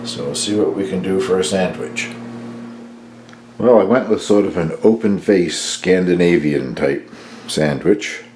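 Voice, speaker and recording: A man with a very low voice talks in an easygoing, rambling way, trailing off and filling gaps with "uh". He is in a home kitchen that sounds echoey. A steady background noise sits under his voice. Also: measured pace. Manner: relaxed and rambling, with fillers. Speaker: home baking vlogger. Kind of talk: casual home cooking talk. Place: home kitchen and dining room.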